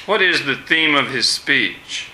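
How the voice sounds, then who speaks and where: Man, teacher, questioning students, bright tone, roomy echo. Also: mid-range voice, animated, a little hiss or hum. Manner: asks questions, many fillers and pauses. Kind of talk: classroom discussion lesson. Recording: echoey room.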